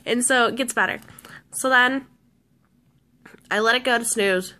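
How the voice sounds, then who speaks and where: A woman's voice: on the high side, a little slow, pauses often, sharp tone. A woman vlogger telling a story casually, rambling with lots of restarts and fillers.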